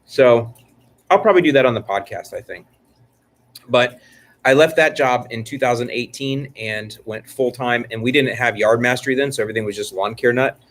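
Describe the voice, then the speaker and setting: A man's voice: medium pitch, normal speed, a bit bright. A middle-aged man hosting a casual live-stream chat about lawn care, joking and rambling with frequent restarts. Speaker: lawn care channel host.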